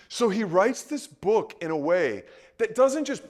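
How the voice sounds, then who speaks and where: A man preaching a sermon in a conversational way, full of rhetorical questions, moving between soft and loud delivery. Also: very high-pitched, expressive, a little slow. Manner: conversational, repeats words.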